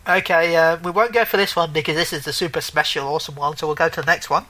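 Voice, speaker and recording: Bright-voiced man rambling about games. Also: fairly high pitch, fairly even intonation, quick pace, low-quality recording. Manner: rambling, self-correcting, joking. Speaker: podcast co-host. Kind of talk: casual gaming chat.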